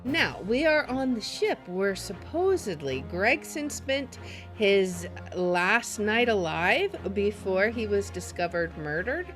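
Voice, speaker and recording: Give me an expressive female let's play host with faint music behind. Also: mid-range voice, takes it slowly. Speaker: gaming streamer.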